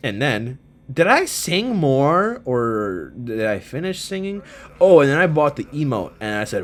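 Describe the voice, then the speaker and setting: A young man casually commentating his own gameplay, rambling and joking, with sudden loud yells. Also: medium pitch, very animated, measured pace. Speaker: gaming channel host.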